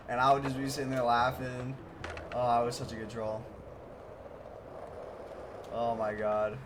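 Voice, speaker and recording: A man's voice: medium pitch, fairly even intonation, moderate pace, long pauses, background noise. A young man in casual live-stream storytelling, rambling and full of "like" fillers as he tells childhood stories to chat. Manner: rambling, filler-heavy, uses "like" constantly.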